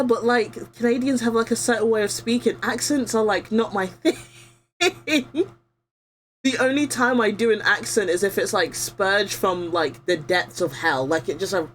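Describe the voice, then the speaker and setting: A woman's voice: mid-range voice, normal speed, slight background noise. A young woman streaming a game, chatting bluntly and casually while playing, often laughing. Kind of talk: casual gameplay commentary.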